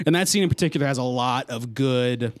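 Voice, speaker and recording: A man's voice: mid-range voice, fairly quick, no room sound. A man hosting a casual podcast chat, rambling with frequent laughs and restarts. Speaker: podcast host.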